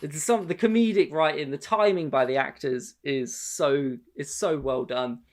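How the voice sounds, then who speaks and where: A man's voice: fairly high pitch, normal speed. A man co-hosting a podcast, chatting casually, rambling with many restarts and swearing freely. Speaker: podcast co-host. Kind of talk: casual chat.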